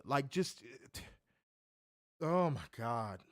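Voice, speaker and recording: Man, mid pitch, exasperated, sarcastic, casual review chat, dry close sound. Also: animated, moderate pace, no echo. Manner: exasperated, sarcastic, stumbling restarts. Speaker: wrestling show co-host.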